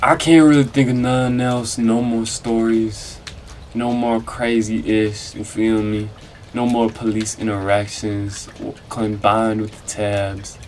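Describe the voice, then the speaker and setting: A young man tells a story straight to his audience in a loose, rambling way. He talks in heavy slang and stays animated and chatty throughout. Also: fairly low pitch, a little slow, a little hiss or hum. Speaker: streamer telling a story. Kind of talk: casual storytime monologue.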